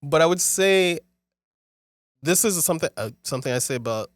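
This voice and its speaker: A man's voice: a little high, expressive, moderate pace, no room sound. A man co-hosting a podcast, talking loosely, swearing and laughing as he chats. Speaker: podcast co-host. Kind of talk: casual chat.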